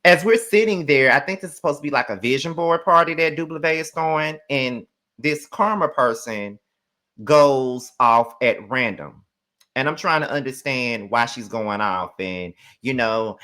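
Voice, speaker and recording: Sassy, forceful man ranting a recap. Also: fairly high pitch, moderate pace. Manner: animated, profane, sassy ranting. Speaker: host. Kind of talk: casual reality show recap commentary.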